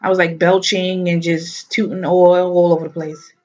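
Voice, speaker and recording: A woman's voice: lowish voice, level tone, normal speed, a little mellow, muffled recording. A young pregnant woman chatting in a rambling, casual vlog update, a little stuffy-nosed and short of breath, with frequent ums and likes. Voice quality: nasal, stuffy. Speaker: vlogger.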